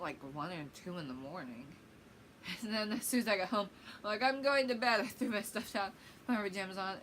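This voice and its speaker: A woman's voice: fairly low pitch, a bit bright, a little hiss or hum, rough recording. A young woman, likely in her teens, casually telling a vlog story with lots of fillers and giggles. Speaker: vlogger.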